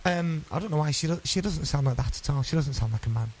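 A man's voice: fairly high pitch, animated, fast talker, darkish tone, a little hiss or hum, rough recording. A man, presenting a local radio show and chatting between songs in a rambling, self-deprecating way. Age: 30s. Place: radio studio. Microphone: studio microphone.

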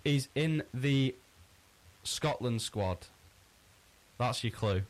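A man hosting a casual quiz on a podcast, chatty and relaxed, often restarting his sentences. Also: mid-range voice, drawn-out words. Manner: chatty, easygoing, frequent restarts. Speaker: quizmaster.

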